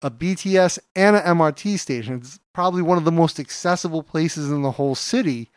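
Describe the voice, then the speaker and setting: Guy co-hosting a podcast, fairly high voice, talks loose and chatty, dry close mic. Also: brisk, clean tone, no echo. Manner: chatty storyteller, many fillers. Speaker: podcast co-host. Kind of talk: casual podcast chat.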